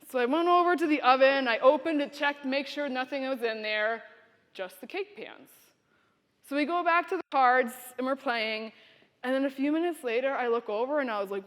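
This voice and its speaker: A woman gives a keynote in an animated, dramatic storytelling manner. Her voice sits high, and a long echo from a large conference hall trails her words. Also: normal speed. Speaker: keynote speaker. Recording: reverberant hall.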